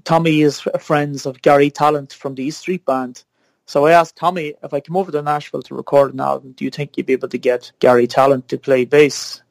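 A man's voice: a little high, steady tone, brisk, creaky, no echo. A man, a musician chatting casually in an interview, rambling with restarts. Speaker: musician guest.

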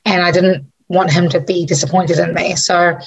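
A woman's voice: fairly low pitch, fairly even intonation, normal speed, gravelly, slightly rough, low-quality recording. A woman from New Zealand with a Kiwi accent tinged with American, a musician guest telling stories in a radio interview with frequent restarts. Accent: New Zealand with slight American twang. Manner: warm conversational storytelling with frequent restarts.

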